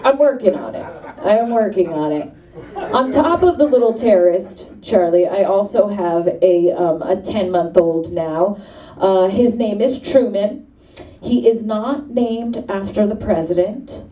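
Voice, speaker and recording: A woman in her thirties doing a stand-up comedy set, animated and chatty about motherhood life with quick asides. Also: mid-range voice, far from the mic. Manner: animated, puts on voices for quoted exchanges. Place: comedy club stage.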